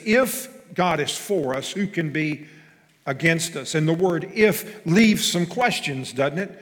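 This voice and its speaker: A man preaching a sermon, swinging from loud emphasis to hushed tones and asking the congregation questions, recorded in a church sanctuary. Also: a little high. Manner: asks the congregation questions and has them repeat phrases. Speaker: pastor. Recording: long hall reverb.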